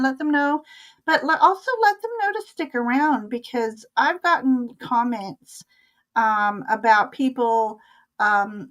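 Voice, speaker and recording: Older woman, stream host, fairly high voice, unhurried, chatty, laughs often. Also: a bit bright. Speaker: tarot reader hosting a live stream. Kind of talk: casual live-stream chat.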